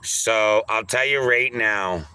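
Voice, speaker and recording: Slow, bright-voiced teasing male streamer. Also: lowish voice, smooth. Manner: teasing, repeats names in drawn-out pleading calls; crude, offhand. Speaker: streamer reading chat. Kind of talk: casual live-stream chat.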